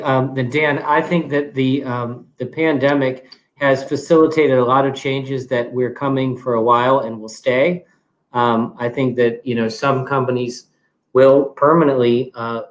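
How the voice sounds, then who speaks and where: A man answering as a panelist, thoughtful, pausing often on fillers. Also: mid-range voice, reverberant, rough recording.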